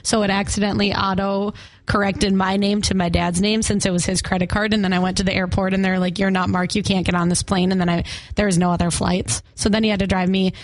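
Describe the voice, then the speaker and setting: A woman's voice: medium pitch, little pitch movement, quick pace, no room sound. A young woman co-hosting a morning radio show, chatty and laughing often as she talks about concerts and travel. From Arizona. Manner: chatty, laughs often, country music fan.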